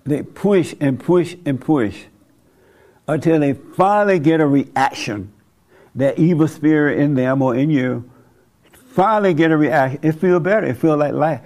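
A man's voice: fairly high pitch, a little slow, darkish tone. A man preaching an informal sermon to a small group, conversational, asking rhetorical questions and chuckling at his own points.

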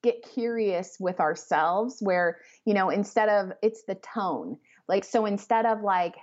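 A woman author talking as a podcast guest, rambling and animated, with many fillers as she explains her ideas. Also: mid-range voice, unhurried. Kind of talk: conversational interview. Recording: slightly muffled lo-fi audio.

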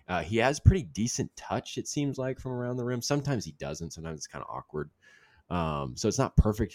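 Man, very low voice, dry close sound, casual sports podcast host, rambling. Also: darkish tone, dry recording. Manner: rambling, hedging with fillers.

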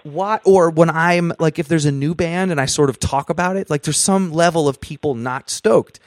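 A man hosting a podcast interview, talking earnestly in a halting way and repeating himself as he works out a point. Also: a little high, dry recording, studio quality. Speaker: podcast host.

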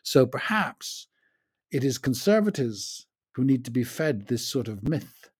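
A man's voice: mid-range voice, sing-song, measured pace, breathy edge. A man in his sixties, raised in the United States, giving a wry, opinionated spoken essay on his own podcast.

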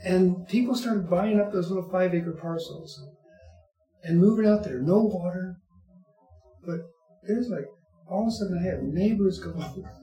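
A man's voice: sits high, moderate pace, a little mellow. Older man telling rambling, wry stories. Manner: rambling, wry, chuckling asides. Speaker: guest storyteller. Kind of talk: casual interview chat. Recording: echoey room, faint music.

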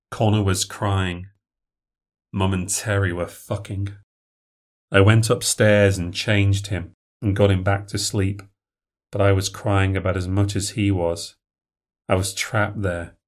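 Man narrating a ghost story. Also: lowish voice. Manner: emotional, rising with the drama. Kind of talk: first-person ghost story reading.

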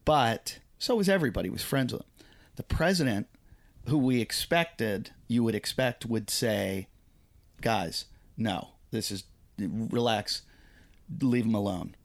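A man's voice: fairly low pitch, lively intonation, measured pace. A man, a comedian, telling a casual story on a podcast, acting out quoted voices and swearing freely.

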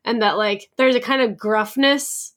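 A woman hosting a casual podcast who thinks out loud, often filling her speech with "like". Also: on the high side, measured pace. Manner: reflective, frequent "like" fillers, laughs easily. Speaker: podcast host and newsletter writer. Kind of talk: casual conversational chat.

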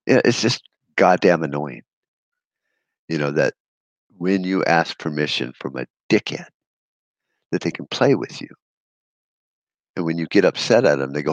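A man's voice: very deep voice, expressive, a little slow, pauses often, no echo. A man hosting a solo podcast, ranting bluntly and sarcastically with frequent swearing. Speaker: podcast host.

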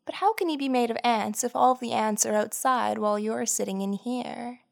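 Lady doing a confused curious visitor in a storybook, unsure, asks a lot, bit of fry. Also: a little high, moderate pace. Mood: puzzled. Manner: hesitant, questioning. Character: curious, puzzled young visitor. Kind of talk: audio storybook character voice.

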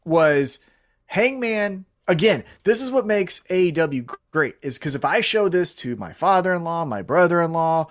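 A man co-hosting a casual podcast, telling stories with excitement and swearing freely. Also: a little high. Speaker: podcast co-host.

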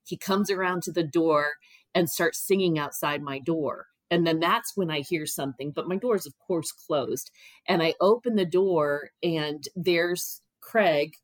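A middle-aged woman tells a personal story in a relaxed, chatty way, jumping up in pitch whenever she acts out what people said. Her voice sits fairly low, and the recording is close and dry with no room sound. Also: measured pace, no echo. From Ohio. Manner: animated, acts out quoted voices. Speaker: guest telling her story. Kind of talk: casual storytelling.

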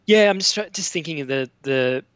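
An Australian man with a bright, forceful voice talks about films in a halting, casual way, full of ums and restarts. The sound is dry and a bit dull. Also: a little high, lively intonation, smooth, no echo. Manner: hesitant, many fillers and restarts. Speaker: guest. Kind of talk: casual film discussion.

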